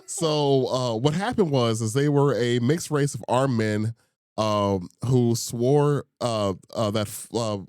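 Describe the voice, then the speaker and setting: A young man chats loosely as a podcast co-host, with plenty of ums, restarts and easy laughter. His voice sits at an ordinary middle pitch. The sound is close and dry, with no room around it. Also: slow, darkish tone, clean tone, no echo. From Indiana, USA. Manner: laughs often, many fillers and restarts. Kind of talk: casual chat.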